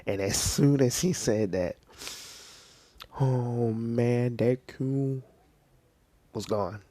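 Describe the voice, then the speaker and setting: A man casually telling a fan story off the cuff, rambling with lots of fillers, dropping into soft whispers now and then. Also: medium pitch, very slow, dry recording.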